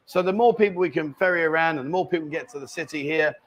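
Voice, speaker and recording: A man's voice: a little high, quick pace, slight background noise. A man hosting a casual live stream from a bar, bantering and reading out viewer comments. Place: bar lounge.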